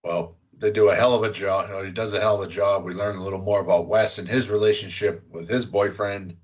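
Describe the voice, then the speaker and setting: Brisk and fairly even in intonation, a man with a fairly low voice hosts a podcast over dull-sounding audio. He casually rambles through a movie recap, using fillers and some profanity.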